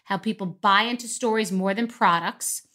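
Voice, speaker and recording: Bright, animated woman ranting comically. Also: mid-range voice, moderate pace. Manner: animated, rambling storytelling with many asides. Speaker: podcast host. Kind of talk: comic rant, then guest introduction.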